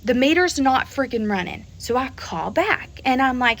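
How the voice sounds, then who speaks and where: A woman's voice: sits high, big pitch swings, moderate pace, few pauses, a bit bright, poor audio. A woman venting to camera in an exasperated way, often repeating herself and swearing mildly.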